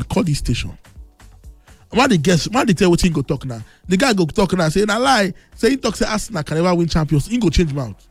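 A brash man with a Nigerian Pidgin English accent, boasting and teasing his listeners in casual radio banter. His voice is husky and thick from being under the weather, and it swings widely up and down. Faint music plays behind his dry, close voice. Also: high-pitched, no room sound.

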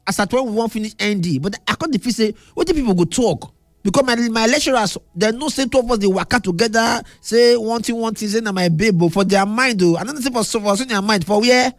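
A man's voice: high-pitched, fairly quick, dry recording, clean studio sound, soft background music. A middle-aged man with a Nigerian Pidgin accent, animatedly telling a personal story in casual chat, repeating words and acting out what others said. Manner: animated, repetitive, acts out quoted lines.

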